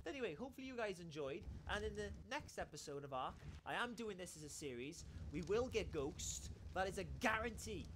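A man giving excitable let's-play commentary while he plays, exclaiming and swearing often. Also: high voice, fairly quick, hardly any pauses, noisy background. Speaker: gaming YouTuber.

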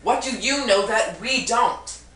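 A woman's voice: fairly high pitch, a little slow, a bit bright, a little hiss or hum. A woman playing Job's friend, a lecturing, reproachful older woman in a stage play, recorded in an echoey room from far off.

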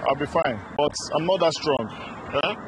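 An actor with a Nigerian accent playing a weary, unwell shop owner giving instructions before going home. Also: male voice, fairly high pitch, expressive, moderate pace, lightly acted. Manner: weary, tired-sounding. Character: tired, unwell middle-aged shopkeeper. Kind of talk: film drama acting. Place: outdoors by a shop. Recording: outdoor film scene with street noise. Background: street and vehicle noise.

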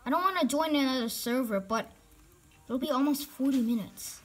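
A woman giving excitable live gameplay commentary as a channel host, reacting loudly and dropping to whispers when sneaking. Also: high voice, moderate pace, soft background music.

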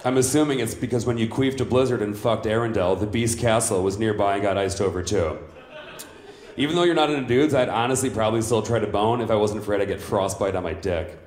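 A man's voice: lowish voice, a little mellow, close to an everyday voice. A man playing a boastful, vain macho villain at a live stand-up roast, brash and crudely insulting everyone in turn. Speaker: roast comedian in character. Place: comedy club stage. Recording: roomy club sound.

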